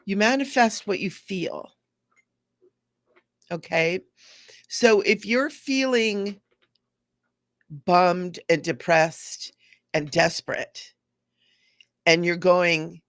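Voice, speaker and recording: A middle-aged woman speaks as a spiritual teacher, earnest and heartfelt, slipping into the voices of the people she describes. Her voice has a gravelly fry running through it. The sound is dry, with little room around it. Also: on the low side, extremely slow, pauses often, a bit bright, dry recording. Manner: earnest, acts out quoted voices.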